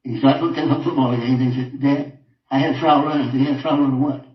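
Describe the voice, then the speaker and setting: An older man giving a halting personal account in an interview, repeating himself and often trailing off quietly. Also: medium pitch, steady tone. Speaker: interviewed father. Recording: roomy, distant, dull audio.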